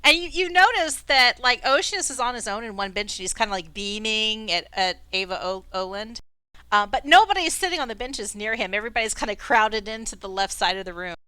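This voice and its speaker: A woman game master narrating a tabletop game in a chatty, animated way. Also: a little high, fairly quick, clean tone, dry recording.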